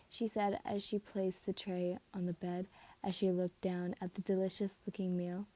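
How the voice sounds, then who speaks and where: Woman reading a fan story casually; mellow tone, stumbles and self-corrects. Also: fairly low pitch, little pitch movement, moderate pace. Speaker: reader.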